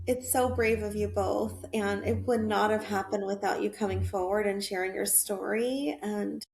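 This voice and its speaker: A woman hosts a heartfelt podcast interview. She speaks in an earnest, halting way, and her voice has a gravelly fry to it. The room gives her voice a noticeable echo. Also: mid-range voice, a little mellow, a little hiss or hum. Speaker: podcast host.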